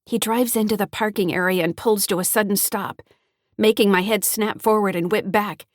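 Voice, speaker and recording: A woman's voice: mid-range voice, fairly even intonation, normal speed, no echo, close to an everyday voice. A woman narrating an audiobook as a frightened teenage granddaughter, shaky and pleading, in a dry close recording. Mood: tense.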